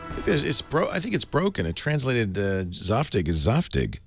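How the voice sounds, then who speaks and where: A man's voice: mid-range voice, huge pitch swings, moderate pace, soft background music. A man hosting a tech call-in radio show, talking casually and joking, with frequent laughs. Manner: playful, joking, laughs often.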